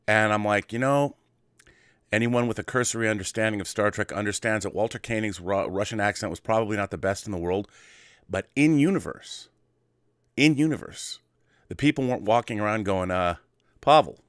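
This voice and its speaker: A middle-aged man hosting his own show in a wry, digressive monologue that swings between animated bursts and quiet asides. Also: lowish voice, dry recording, studio quality. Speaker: host. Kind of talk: casual monologue.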